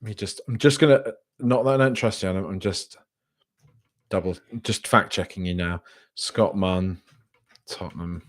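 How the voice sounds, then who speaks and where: A man's voice: low-pitched, steady tone, moderate pace, pauses often. Hesitant man on a live podcast. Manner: casual, hesitant, many ums and restarts. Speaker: podcast host. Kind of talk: live reaction stream, reading chat.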